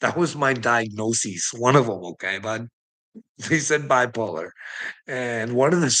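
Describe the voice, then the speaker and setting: A male online commentator with a mid-range voice, unhurried but pushed and bright, delivers a profane, rambling rant. He swears constantly and breaks into laughter between phrases, and the recording is rough.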